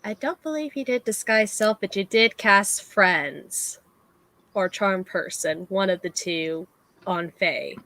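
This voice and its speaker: Woman game master, slow halting narration, dry close sound. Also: medium pitch, no room sound, poor audio. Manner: relaxed, halting narration with fillers.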